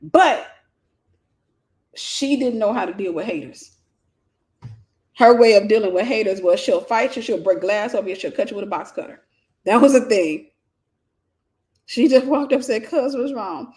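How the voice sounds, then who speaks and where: A woman host telling a personal story, animated and repeating phrases for emphasis. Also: medium pitch, moderate pace, pauses often.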